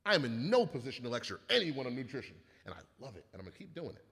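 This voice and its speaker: A man talks in a bright, forceful voice that swings widely in pitch as he rambles through crude stories and rants. He swears freely and drifts from joking into heated tirades. The sound carries a long, hall-like reverb. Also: big pitch swings, very fast. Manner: profane, rambling storyteller who rants loudly. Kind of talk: casual chat.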